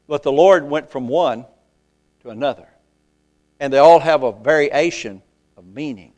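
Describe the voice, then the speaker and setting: An older man preaching a sermon in a church. He is folksy, calls out to the congregation and slows down to recite scripture. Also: on the high side, darkish tone.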